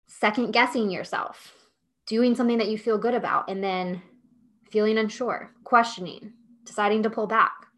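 A woman's voice: mid-range voice, fairly even intonation, moderate pace, a bit bright. A woman hosting a solo podcast, coaching business owners in a chatty, emphatic way with lots of "like" and "okay?".

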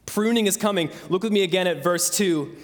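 A man's voice: sits high, a little fast, in a large hall. A young man in his twenties preaching a sermon, earnest and conversational, telling a personal story. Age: 20s. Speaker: pastor.

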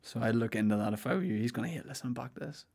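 A young man with a Northern Irish accent, co-hosting a podcast in rambling, jokey chat with deadpan asides. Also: medium pitch, very fast, creaky. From Northern Ireland. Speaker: podcast co-host.

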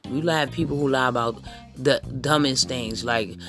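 A man's voice: medium pitch, steady tone, moderate pace, music in the background. A man hosting a podcast, ranting in a blunt, crude and rambling comedic way. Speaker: podcast host. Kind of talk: profane comedic rant.

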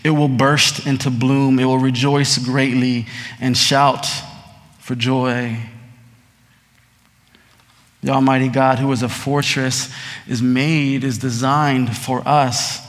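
A man preaching a sermon, moving between hushed scripture reading and excited, laughing storytelling. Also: medium pitch, takes it slowly, pauses often, big-room sound. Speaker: pastor.

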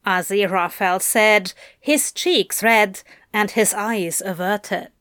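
A woman reading fan fiction aloud in a measured, expressive way. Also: medium pitch, no echo, studio quality.

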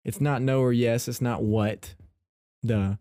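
A man's voice: medium pitch, steady tone, measured pace, warm tone, no room sound, studio quality. A man hosting a casual faith-based podcast, chatty and playfully teasing his listeners. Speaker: podcast host.

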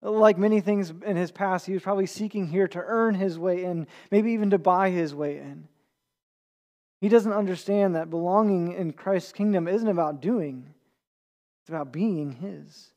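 A man with a high voice preaching an earnest sermon. He speaks conversationally and now and then stumbles and repeats a word as he gathers his thought. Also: normal speed, darkish tone. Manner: earnest, with small restarts and repeated words. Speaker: pastor.

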